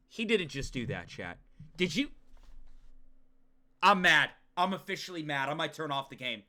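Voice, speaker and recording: Excitable young man streaming a game. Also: on the high side, normal speed, long pauses. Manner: excitable, swearing, riffing to chat. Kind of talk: gaming livestream commentary.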